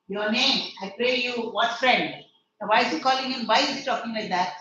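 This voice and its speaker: Speaking fairly quickly in a higher, fairly bright voice, a woman teaching English online explains a play line by line. She paraphrases the verses and puts questions to her students. There's slight background noise on a distant, echoey, lo-fi recording.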